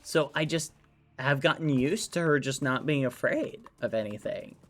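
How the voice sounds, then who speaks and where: A male streamer chatting loosely over his gameplay, with a voice of middling pitch. He tells a story in a rambling way, full of fillers. Soft music plays faintly underneath. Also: moderate pace. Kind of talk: casual gameplay stream chat. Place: home room.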